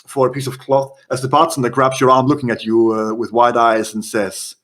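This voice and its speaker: A man's voice: mid-range voice, fairly even intonation, fairly bright tone. Man game-mastering a horror tabletop game. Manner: descriptive narration, quick bursts of detail.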